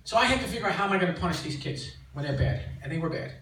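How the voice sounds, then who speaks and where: Older man doing deadpan stand-up. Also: on the high side, a little hiss or hum. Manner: deadpan punchlines with filler pauses. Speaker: stand-up comedian. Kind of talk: stand-up set. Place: comedy club stage with audience laughter. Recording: echoey club audio, distant, loud crowd.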